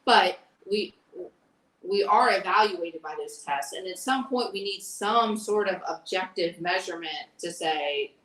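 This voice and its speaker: A woman's voice: lowish voice, unhurried, fairly bright tone. A woman answering questions about school policy in an earnest, explanatory way, with frequent fillers. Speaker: school board candidate. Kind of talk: candidate forum answers. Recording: echoey room, voice from far off.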